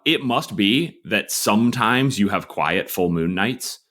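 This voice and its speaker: Wry deep-voiced American man. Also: expressive, unhurried, fairly bright tone. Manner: wry, sarcastic asides. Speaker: podcast co-host. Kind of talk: casual comedic chat.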